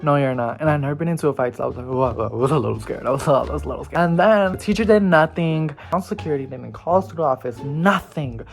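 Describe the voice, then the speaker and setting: A man's voice: on the high side, lively intonation, fast, vocal fry, hardly any pauses. A man telling a casual storytime, chatty and full of "like", acting out what others said. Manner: chatty, lots of "like", acts out quotes. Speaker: vlogger. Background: faint background music.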